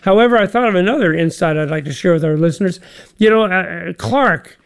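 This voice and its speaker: A man's voice: high-pitched, brisk, clear, resonant tone. A man co-hosting a casual religious talk show, chatting in a folksy, joking way and laughing easily. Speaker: podcast co-host. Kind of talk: casual chat.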